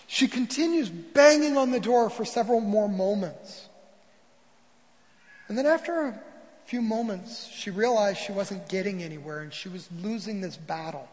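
A man's voice: sits high, lively intonation, normal speed, long reverb tail, low-quality recording. A man preaching a sermon as a pastor, telling a story and acting out the quoted voices.

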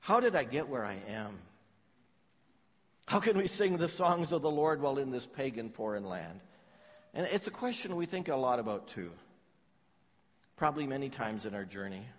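Man preaching in a reverberant hall. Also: medium pitch. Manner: dramatic preaching with wide swings from loud to hushed. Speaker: pastor. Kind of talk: sermon.

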